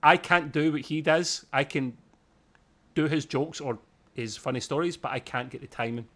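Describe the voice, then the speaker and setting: A man's voice: fairly high pitch, normal speed, a bit bright. A man co-hosting a TV review, chatty and self-deprecating with jokes. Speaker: co-host reviewing a TV episode. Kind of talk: casual chat.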